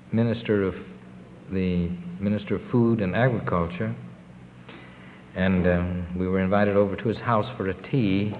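Older male relief worker, low-voiced, earnest storyteller; phone-thin old recording with a long echo tail. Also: a little hiss or hum. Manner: rambling, earnest storytelling with pauses. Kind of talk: recorded interview recollection. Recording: tinny, lo-fi tape with long reverb.

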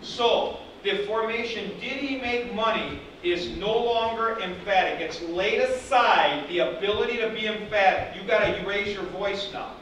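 A man teaching a class, lively, acting out example sentences as he explains. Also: sits high, normal speed, few pauses, slight background noise. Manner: animated, acts out example sentences. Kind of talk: classroom lecture. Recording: echoey room from far off.

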